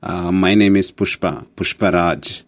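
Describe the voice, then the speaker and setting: A man's voice: sits low, steady tone, unhurried. A man playing an exasperated male customer, blunt and fed up, in a comedy sketch. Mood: plain.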